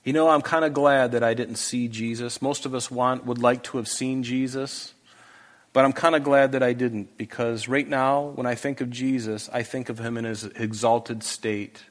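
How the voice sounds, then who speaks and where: A male pastor preaching to his congregation in an earnest, emphatic way. His voice sits at an ordinary middle pitch, and he pushes his points home with pleading, rising questions. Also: fairly even intonation, moderate pace. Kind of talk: sermon. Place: church hall with a congregation.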